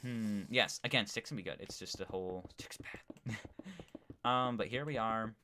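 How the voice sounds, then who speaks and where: A man's voice: fairly low pitch, moderate pace, pushed and bright, a little hiss or hum. A man live-streaming a game in a casual, rambling way, reading viewer chat aloud as he plays. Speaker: gaming streamer.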